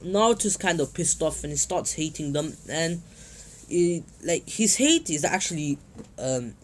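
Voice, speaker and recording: A man's voice: on the high side, big pitch swings, measured pace, slight background noise. A man improvising a fan-fiction story in a rambling, self-correcting way. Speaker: YouTube storyteller.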